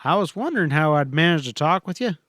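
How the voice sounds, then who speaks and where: A determined young cowboy hero, read by a man in a western audiobook, talking firmly and urgently. The voice sits a little high. It is dry and close-miked, with no room sound. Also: expressive, fast, fairly bright tone, no echo. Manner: urgent, firm. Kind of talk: audiobook character voice.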